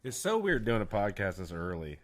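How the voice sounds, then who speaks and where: A man's voice: fairly low pitch, wildly swooping pitch, a little fast. A man co-hosting a casual podcast who talks bluntly, grumbles and swears heavily. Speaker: podcast co-host. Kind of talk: casual chat.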